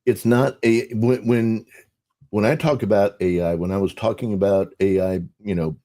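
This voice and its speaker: Low, mellow older man explaining slowly. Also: steady tone. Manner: measured, explanatory, trails off softly. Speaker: guest. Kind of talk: casual podcast conversation.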